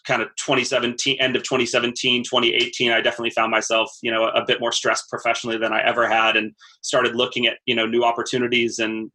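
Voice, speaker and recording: A man in his thirties tells his story as a podcast guest in an easygoing, conversational way. His voice is bright and forward, yet his pitch stays almost level. He often doubles up words while he thinks. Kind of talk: casual interview talk.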